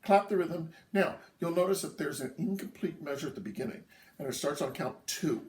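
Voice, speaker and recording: A man teaching a drum lesson, patiently explaining rhythms and counting them out loud. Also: on the high side, lively intonation, brisk. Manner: patient, counts rhythms aloud, checks in with "okay?". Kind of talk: instructional lesson. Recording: echoey room, voice from a distance.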